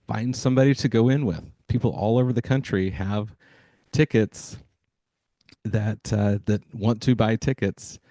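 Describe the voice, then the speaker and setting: An enthusiastic male podcast host who hypes up his listeners and scatters fillers through his talk. His voice sits low and mellow. The recording is close and dry. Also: no echo. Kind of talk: energetic podcast monologue.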